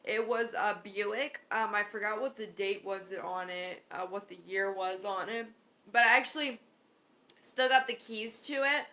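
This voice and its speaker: A woman's voice: mid-range voice, measured pace, sharp tone. A young woman vlogger telling a story during a mukbang, rambling casually with many ums and likes.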